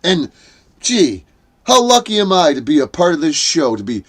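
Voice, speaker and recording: A man ranting through a drama commentary. He is sarcastic and heavy on swearing. His pitch swings widely and sits a little high, and he keeps acting out little scenes. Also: sing-song, normal speed. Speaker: host. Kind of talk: profane drama commentary rant.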